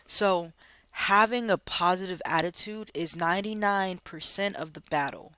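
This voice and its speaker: A man's voice: sits high, normal speed, pushed and bright, slight background noise. A man giving a casual, upbeat sales training talk to viewers, encouraging them and calling them guys. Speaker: life insurance sales trainer. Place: home office.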